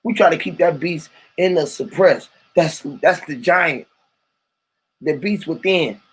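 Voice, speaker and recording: A man's voice: fairly high pitch, a little slow, husky, rough recording. A man hosting a live stream, rambling in heavy slang with profanity and lots of rhetorical questions, greeting callers who join a voice chat.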